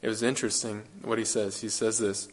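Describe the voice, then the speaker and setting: A man's voice: on the low side, level tone, fairly quick. Earnest male preacher asking rhetorical questions. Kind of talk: sermon.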